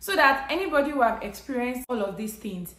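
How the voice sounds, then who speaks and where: Nigerian lady talking to her camera, kinda high voice, earnest and chatty, roomy echo. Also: lively intonation, a little fast, a bit bright. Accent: Nigerian English. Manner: earnest, conversational. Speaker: vlogger. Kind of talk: personal storytelling to camera. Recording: echoey room.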